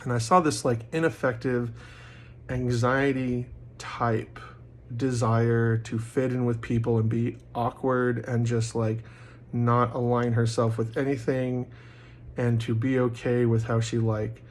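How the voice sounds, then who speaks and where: A man in a casual monologue, rambling with many fillers and loudly acting out quoted voices. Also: mid-range voice, level tone, measured pace, a little hiss or hum. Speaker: vlogger.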